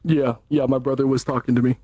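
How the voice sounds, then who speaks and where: A man in voice chat during a horror game, quick to scold his friends and repeating himself. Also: mid-range voice, little pitch movement, warm tone, no echo. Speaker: VRChat player. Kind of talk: casual gaming banter.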